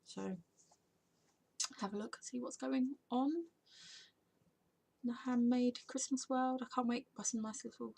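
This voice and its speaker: A woman's voice: a little high, steady tone, unhurried, vocal fry, pauses often, a little mellow, slightly rough. A tired woman, chatting casually to camera in an unscripted home vlog, rambling and sometimes dropping to a whisper. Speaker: vlogger and podcaster.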